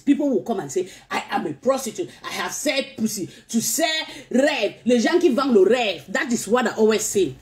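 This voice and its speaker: Lady going off at commenters, slow and drawn out, kinda high voice, keeps asking the same thing over and over. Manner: confrontational, repetitive taunting questions. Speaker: social media vlogger reading comments. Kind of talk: ranting live-stream talk.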